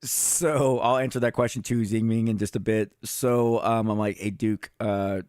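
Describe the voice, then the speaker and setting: A man's voice: lowish voice, fairly even intonation, measured pace, darkish tone, no room sound, clean studio sound. A man in his fifties, a retired police chief, telling stories in a casual livestream chat. He talks straight to his viewers and swears now and then. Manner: conversational, addresses viewers directly, swears casually.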